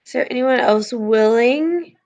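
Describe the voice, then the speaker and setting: A woman's voice: fairly high pitch, unhurried, a little mellow. A young woman teaching a class over a video call, chatty and casual, full of fillers and restarts.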